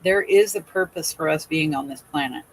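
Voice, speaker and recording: A woman's voice: deep voice, moderate pace, rough recording. Earnest woman guest on a video call. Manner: earnest, reflective, spiritual talk. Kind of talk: casual video-call chat.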